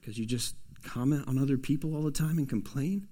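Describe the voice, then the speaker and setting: A man preaching a sermon as a pastor, swinging from loud, emphatic pushes to soft, hushed asides. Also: medium pitch, brisk.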